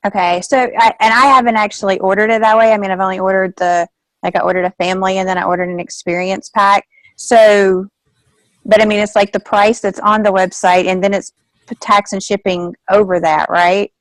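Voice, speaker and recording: A woman's voice: mid-range voice, steady tone, a little fast, no room sound, low-quality recording. A woman asking questions on a casual video call, hesitant and searching for her words. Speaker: team member asking questions.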